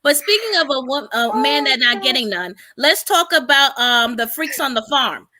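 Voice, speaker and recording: A woman's voice: high voice, very animated, moderate pace, sharp tone, no room sound. A woman on a chat panel, brash, slangy and outspoken. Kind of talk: casual panel chat about a reality show.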